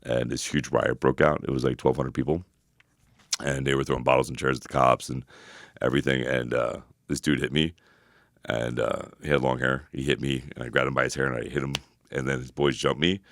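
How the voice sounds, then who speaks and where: A man co-hosting a podcast, telling rambling, animated stories full of filler words. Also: rumbling low, brisk, vocal fry, no echo, clean studio sound. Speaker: podcast co-host. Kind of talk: casual storytelling chat.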